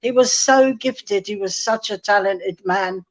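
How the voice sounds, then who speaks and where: A woman's voice: mid-range voice, measured pace. A woman, a singer-songwriter guest, chatting casually and telling stories while acting out quoted dialogue. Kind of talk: casual live-stream chat. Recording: dull lo-fi live-stream audio.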